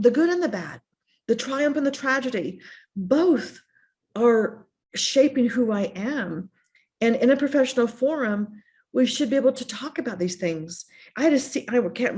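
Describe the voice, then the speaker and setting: A woman's voice: a little high, darkish tone. A middle-aged woman from the United States, a bereaved mother speaking earnestly in an interview and often voicing remembered messages. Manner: earnest, repeats herself, voices remembered messages. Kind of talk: emotional personal storytelling.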